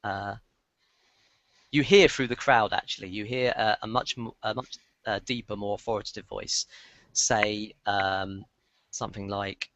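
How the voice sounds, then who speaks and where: Man, game master, tabletop game, low voice, hesitant rambling narration, dry sound. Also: fairly even intonation, a little slow, fairly bright tone, no echo. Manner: rambling, full of "um" and restarts.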